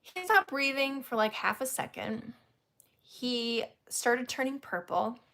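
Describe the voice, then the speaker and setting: A woman's voice: a little high, animated, slow pace, a bit bright. A woman hosting a casual chat, telling a story candidly and laughing often. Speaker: host.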